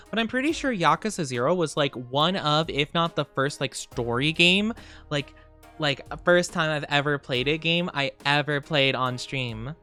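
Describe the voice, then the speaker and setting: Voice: medium pitch, bright, forceful tone. A live streamer in casual chat with viewers, rambling and thinking aloud with lots of fillers.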